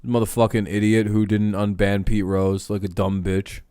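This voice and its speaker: A man hosting a casual sports talk stream, swearing freely and rambling bluntly. His voice is smooth and medium in pitch, recorded dry and close. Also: level tone, normal speed, dark tone, dry recording. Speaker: host.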